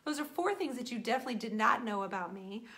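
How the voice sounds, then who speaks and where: A fast-talking middle-aged woman with a voice on the high side chats with viewers while painting furniture. She's animated and playful, tossing teasing comments to particular viewers by name.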